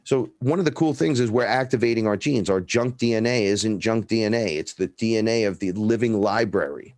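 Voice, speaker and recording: Low-voiced man telling wild stories. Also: fairly quick, dry recording. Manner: profane, animated, acts out dialogue in his stories. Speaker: guest. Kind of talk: casual storytelling chat.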